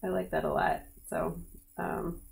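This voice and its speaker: A woman in her studio giving a live oil painting demonstration, talking in a relaxed, chatty way with many fillers. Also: measured pace. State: slightly cracky voice. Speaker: painting instructor.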